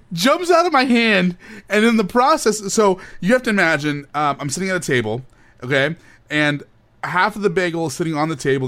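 A young man co-hosting a casual chat show, telling a story in an animated, laughing way with playful overacting. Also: on the high side. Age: young adult. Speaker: podcast co-host.

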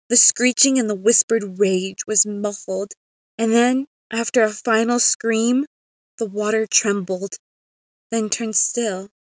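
A woman narrating a spooky story in the first person, in a calm, steady storybook reading. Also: a little high, no echo.

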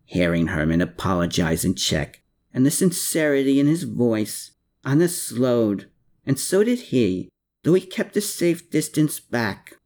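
A man reading a novel aloud in a measured storytelling manner. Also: medium pitch, sing-song, a little mellow. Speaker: audiobook narrator. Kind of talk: scripted narration.

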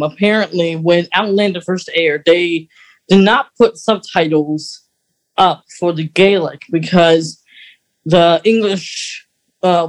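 A man's voice: high voice, low-quality recording. A man co-hosting a podcast in casual chat, rambling with many "like"s and "you know"s. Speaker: podcast co-host.

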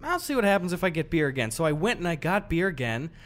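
Young male podcast co-host, lively pitch, slightly high, casual storyteller who swears and acts out dialogue. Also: quick pace. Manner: animated, swears freely, acts out both sides of the story.

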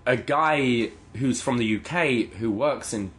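A man from the UK with a British accent, co-hosting a podcast and telling stories in a lively way. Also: mid-range voice, slow. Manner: lively, animated storyteller. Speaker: podcast co-host. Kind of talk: casual storytelling.

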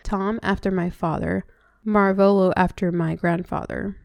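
A woman's voice: medium pitch, steady tone, gravelly, a little mellow, no room sound, studio quality. A woman reading as a polite, guarded teenage schoolboy. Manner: polite, quick denials.

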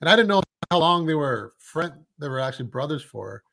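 A man's voice: on the high side, big pitch swings, brisk, creaky, pushed and bright, slight background noise. A man co-hosting a casual movie review, hesitant and searching for words. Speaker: podcast co-host.

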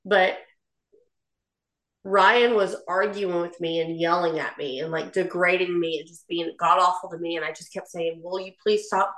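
A woman's voice: on the low side, steady tone, normal speed, a bit bright, reverberant. A woman telling a heated personal story in a rambling way, full of "like" fillers and upset. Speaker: guest sharing a personal story. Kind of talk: emotional personal account.

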